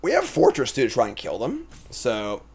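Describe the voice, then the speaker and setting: A man giving casual commentary on his card game, weighing each play out loud. His pitch moves around a lot, and he trails off with fillers and half-finished thoughts. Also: wildly swooping pitch, normal speed, breathy edge. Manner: thinks aloud, trailing off with fillers.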